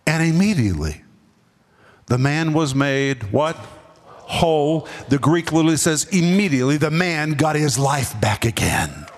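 A man's voice: a little high, lively intonation, measured pace, in a large hall. A man preaching a sermon as pastor, emphatic, repeating words and dropping his voice for effect. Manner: preaching with sudden drops and emphatic repetition. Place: church.

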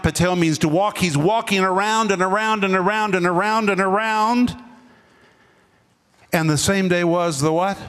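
This pastor's voice sits fairly high and carries a long reverb tail through the church. He preaches with emphasis, repeating words and letting his voice fall abruptly for effect.

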